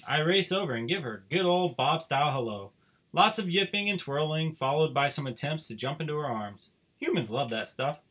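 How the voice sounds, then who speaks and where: A male teacher reading a children's book aloud to his class, with expressive storytelling. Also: a little high, breathy edge.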